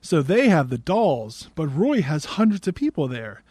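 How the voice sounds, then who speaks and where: A man hosts a podcast and recaps a film in a sarcastic, exasperated way. His voice sits a little high, and the recording is dry and close with no room sound. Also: sing-song, measured pace, darkish tone, breathy edge, no echo. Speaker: podcast host. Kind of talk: casual movie recap.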